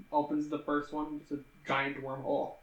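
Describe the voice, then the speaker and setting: An easygoing man co-hosting a casual movie podcast. He talks in a fairly high voice and agrees readily. His voice carries a roomy echo. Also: monotone, normal speed, highs cut off. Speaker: podcast co-host. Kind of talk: casual movie-recap chat. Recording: echoey room.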